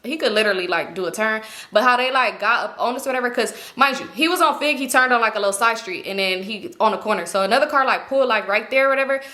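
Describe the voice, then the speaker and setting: A young woman vlogger telling a story to her viewers in an animated, slangy, profane way. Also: on the high side, fast, hardly any pauses. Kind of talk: storytime vlog.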